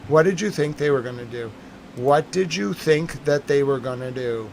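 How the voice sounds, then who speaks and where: Guy on a live news stream, mid pitch, fired up and emphatic, keeps saying the same thing again. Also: moderate pace, vocal fry, a little hiss or hum. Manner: agitated, emphatic, repeats himself. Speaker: livestream news commentator.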